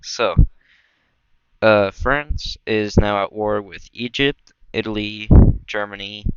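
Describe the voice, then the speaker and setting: A man's voice: takes it slowly, a bit bright, smooth, no room sound. A young man casually narrating a map war scenario, rambling with many fillers and self-corrections. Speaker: mapping video creator. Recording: dull low-quality mic, dry.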